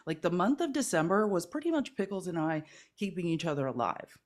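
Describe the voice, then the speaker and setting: A woman's voice: fairly low pitch, very animated, a little fast. A woman guest in a casual conversation, telling a personal story in an earnest, rambling way with many fillers. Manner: earnest, rambling, heavy use of 'like'. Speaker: guest creator.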